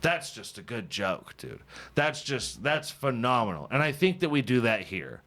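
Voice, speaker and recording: A man's voice: mid-range voice, very animated, moderate pace, pushed and bright. A man hosting a comedy podcast, joking in a profane, mocking way and laughing often. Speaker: podcast host. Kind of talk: casual comedic podcast banter.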